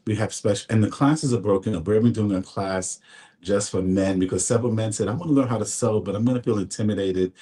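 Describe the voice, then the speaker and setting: A man's voice: fairly low pitch, steady tone, fast talker, mellow. A man, a fashion designer, earnestly telling his story on a radio talk show in a studio. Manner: storytelling, earnest, faith-filled. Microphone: studio mic.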